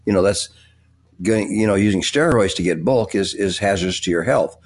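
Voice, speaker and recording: An older man with a very deep voice answers interview questions. He speaks haltingly, restarting phrases and filling pauses. He sounds like a seasoned business guest explaining strategy. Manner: halting, many restarts and fillers. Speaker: guest, tech executive and author.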